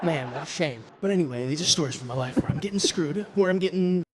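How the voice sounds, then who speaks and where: A man from Brazil doing stand-up, telling a story in an animated way, exclaiming and swearing. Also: on the high side, fast talker, crowd noise. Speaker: stand-up comedian.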